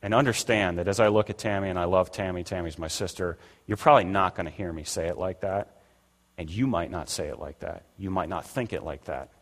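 An older man, preaching as pastor, speaks briskly in a low-sitting voice, giving a conversational sermon and acting out quoted voices. The recording carries the lengthy reverb of the church sanctuary.

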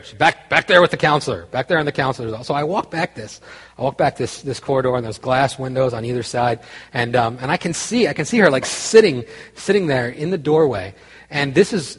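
A man preaching a conversational sermon, telling a story with restarts and growing quiet and earnest. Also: mid-range voice, animated, brisk, breathy edge, in a large hall. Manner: conversational, self-interrupting, grows quiet and earnest. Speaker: pastor.

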